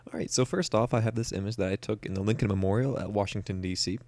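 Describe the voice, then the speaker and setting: Young man, gravelly low voice, casual software tutorial, step-by-step, fillers. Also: quick pace, no echo. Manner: casual, many "uh" and "um", explains step by step. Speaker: photo editing tutor. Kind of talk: screen-recorded software tutorial.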